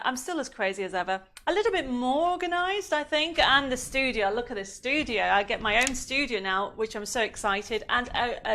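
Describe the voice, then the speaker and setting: A woman's voice: fairly high pitch, sharp tone. A woman hosting a live craft show from her home studio, chatting and reading out viewers' greetings, with a slightly strained voice. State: coughing, voice going. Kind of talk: live-stream chat reading viewer comments.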